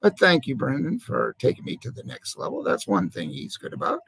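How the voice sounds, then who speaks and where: A middle-aged man, a jewelry business owner, talking casually to camera in an animated, rambling, emphatic way. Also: medium pitch, fairly quick, creaky, breathy edge, dry recording, rough recording.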